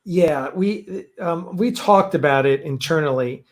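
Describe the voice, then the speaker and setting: Male host, loose rambling delivery, somewhat higher pitch. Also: measured pace. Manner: rambling, many fillers and restarts. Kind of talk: casual livestream chat. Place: home, fireworks outside.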